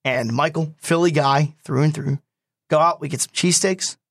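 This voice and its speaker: A young man telling a personal story in casual talk, animated and quick to quote others. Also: on the high side, breathy edge, dry recording, studio quality.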